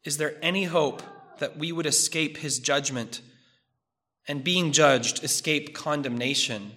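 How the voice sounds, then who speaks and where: A man preaching a sermon, measured and emphatic, building through repeated phrases. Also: fairly high pitch, bright, forceful tone.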